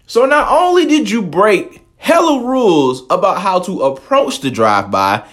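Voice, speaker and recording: A man rants in a loose commentary monologue, incredulous and swearing freely. His somewhat high voice jumps all over, from low mutters to sharp spikes of disbelief. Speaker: commentary host. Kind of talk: profane commentary rant.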